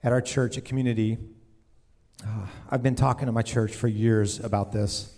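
Joking, conversational middle-aged preacher. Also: male voice, fairly low pitch, steady tone, normal speed, mellow. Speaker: pastor. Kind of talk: sermon.

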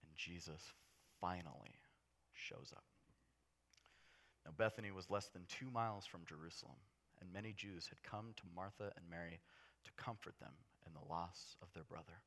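A man preaching a casual, conversational sermon in an animated, jokey way, swinging between hushed and loud. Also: low voice, normal speed, long pauses.

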